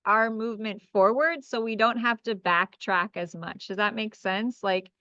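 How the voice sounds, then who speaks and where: Enthusiastic woman leading an energy clearing. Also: mid-range voice, fairly bright tone, dry recording, lo-fi sound. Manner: enthusiastic and effusive, with exclamations and chuckles; slow, incantatory commands and guided breathing. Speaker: spiritual energy healer leading a group session. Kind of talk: guided group energy clearing on a video call.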